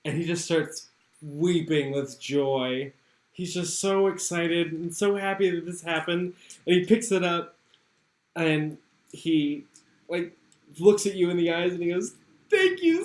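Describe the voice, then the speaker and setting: A man's voice: fairly high pitch, takes it slowly. A man running a tabletop game as game master, laughing often. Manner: laughing often, relaxed with fillers. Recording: echoey room.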